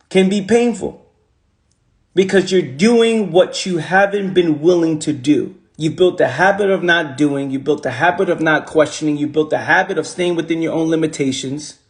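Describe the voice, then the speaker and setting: A man giving a casual motivational talk on a phone livestream, repeating lines for emphasis and using slang. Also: a little high. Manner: repetitive, emphatic, preachy. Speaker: motivational speaker.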